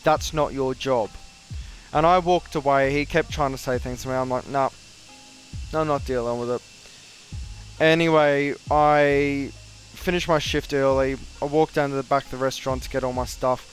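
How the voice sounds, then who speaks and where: A man's voice: medium pitch, moderate pace, soft background music. A young Australian man casually telling a story about work, animatedly acting out what others said. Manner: animated, quotes people in raised voices. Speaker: flight sim streamer.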